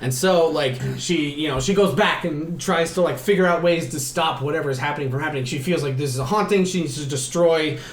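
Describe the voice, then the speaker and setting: A man's voice: a little high, brisk, hardly any pauses, roomy sound, a little hiss or hum. A man hosting a podcast, casually recapping a movie in a rambling, profane way. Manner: rambling, profane, acts out characters' lines. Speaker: podcast host. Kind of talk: casual chat recapping a film.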